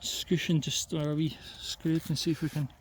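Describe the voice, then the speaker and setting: A man's voice: a little high, flat delivery, normal speed, a little hiss or hum, poor audio. A Scottish man chatting casually outdoors as a co-host, easygoing with a dry wit. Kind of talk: casual outdoor vlog chat. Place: outdoors in a field.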